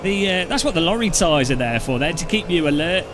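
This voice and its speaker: A British man chatting his way through a sim race, his voice sitting a little higher than most men's. He rambles, jokes and slips into silly travel stories, with faint music playing softly behind him. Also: expressive, brisk. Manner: chatty, joking, rambling anecdotes. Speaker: sim racing streamer. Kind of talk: casual gameplay commentary.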